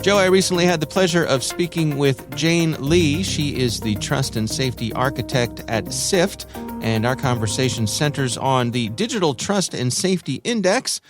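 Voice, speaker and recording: A man's voice: medium pitch, expressive, moderate pace, over music. A man hosting a podcast, asking questions and laughing along in casual chat. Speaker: podcast host.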